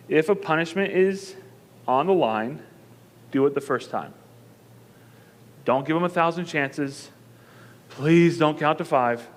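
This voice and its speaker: A man in his thirties gives a sermon in a church auditorium, his voice a little higher than most and carried by a long reverb. He talks in a loose, joking way to the congregation, then lifts into loud, emphatic stretches to drive a point home. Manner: conversational and joking, rising to emphatic bursts. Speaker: pastor.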